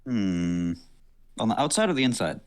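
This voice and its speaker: A man's voice: on the low side, big pitch swings, normal speed, clear, resonant tone. A man playing a tabletop game with friends, chatting casually and making crude jokes. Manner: joking, crude. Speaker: player. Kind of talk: casual chat.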